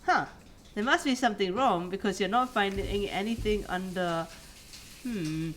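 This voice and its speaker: A chatty woman streamer reads a story game aloud and jokes about her own mistakes. Her pitch sits in the middle of the range, with a faint hiss in the background. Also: unhurried, fairly bright tone. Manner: chatty, laughs at herself. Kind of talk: reading game text aloud with commentary.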